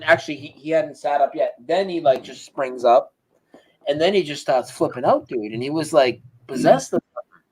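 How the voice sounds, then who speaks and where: A man as an interview guest, telling a story in a casual, animated way over a video call. He acts out sounds and swears freely. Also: a little high, normal speed, husky, low-quality recording.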